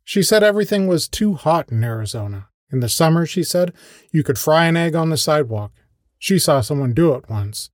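A man's voice: fairly high pitch, expressive, fairly quick, dry recording. A man telling his own short stories as a podcast host, in a dry, wry, understated scripted delivery. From American Midwest. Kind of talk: scripted first-person storytelling.

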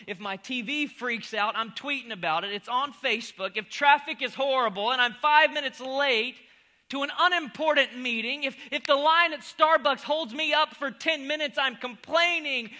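A pastor preaching a humorous sermon, swinging from loud exclamations to near-whispers. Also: male voice, very high voice.

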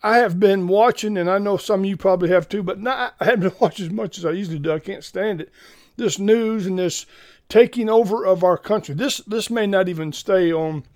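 A man with a notably high voice preaches on his own podcast. He talks in a folksy, earnest way and presses his points with urgency. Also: brisk, darkish tone.

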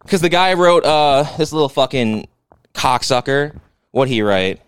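A young man co-hosting a profane comedy podcast, launching into animated mock-angry rants. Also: mid-range voice, unhurried, clear, resonant tone, no room sound. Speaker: podcast co-host.

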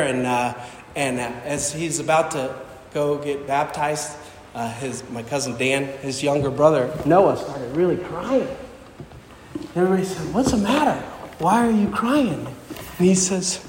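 A man's voice: high voice, a little hiss or hum. A man preaching a sermon as pastor, with a fervent, repetitive preaching cadence. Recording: echoey hall with long reverb.

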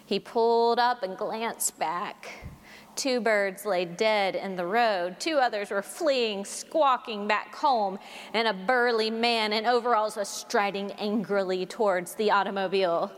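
Woman preacher in a reverberant hall. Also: mid-range voice. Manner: measured, expressive storytelling delivery. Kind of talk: sermon with scripture reading. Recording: long reverb of a large hall.

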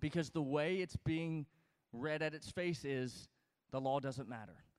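A man's voice: a little high, a little slow, darkish tone, clean tone, in a large hall. A man teaching scripture as a pastor, emphatic and conversational, often checking in with his listeners. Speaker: pastor teaching a Bible study. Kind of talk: expository sermon.

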